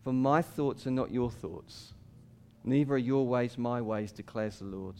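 With a smooth, unhurried delivery, a male pastor preaches in a relaxed, conversational tone, laughing between points. He raises his voice for quoted cries and lowers it to a quiet hush for scripture.

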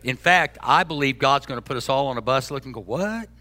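A man preaching a sermon as pastor, folksy and joking, swinging between loud bursts and hushed asides. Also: medium pitch, fast talker.

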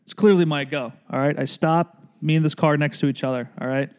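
A man's voice: fairly high pitch, fairly quick, clean tone. A man co-hosting a casual podcast chat, telling funny stories and acting out the people in them. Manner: animated storyteller, acts out drivers and friends. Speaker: podcast co-host.

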